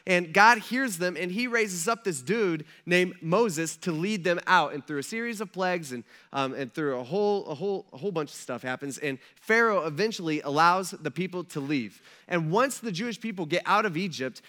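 A pastor's sermon delivered by a man with a bright, forceful voice pitched a touch high. He talks to the congregation like a friend, throwing out rhetorical questions and quick asides. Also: animated.

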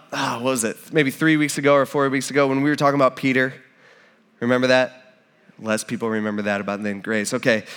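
A man's voice: fairly high pitch, fairly bright tone, smooth. A man giving an informal, conversational sermon with frequent restarts and acted-out quotes of the people in the story.

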